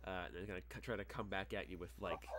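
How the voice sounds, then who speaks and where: A young man narrating as game master for a tabletop game, halting and full of fillers. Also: low-pitched, steady tone, a bit bright.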